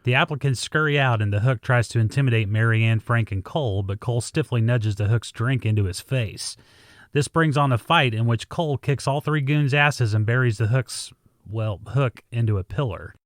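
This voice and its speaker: A man's voice: mid-range voice, normal speed, no echo. A man co-hosting a podcast, recapping a movie plot with dry, wry remarks. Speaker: podcast co-host.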